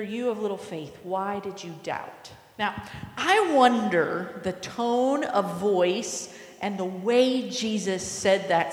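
A woman preaching a sermon, telling a story with imagination and asking her listeners questions. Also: medium pitch. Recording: echoey hall with long reverb.

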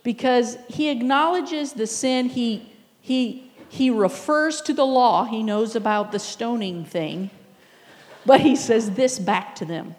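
A woman's voice: on the high side, slow, big-room sound. A woman pastor preaching a sermon in a conversational, reflective way, often asking the listeners questions. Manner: reflective, with soft laughs.

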